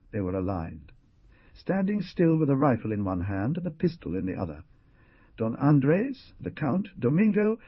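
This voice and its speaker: A man's voice: fairly low pitch, husky, no echo, lo-fi sound. A man narrating an adventure audiobook with dramatic rises and falls. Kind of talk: scripted narration.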